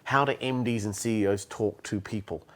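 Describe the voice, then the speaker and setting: A man's voice: lowish voice, normal speed. A man, a sales trainer talking bluntly in an interview and acting out phone calls. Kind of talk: conversational interview.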